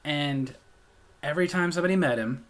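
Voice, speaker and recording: A man's voice: a little high, fairly quick, a bit bright. An American man telling a comedic story from his life in a sardonic, exasperated way. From United States.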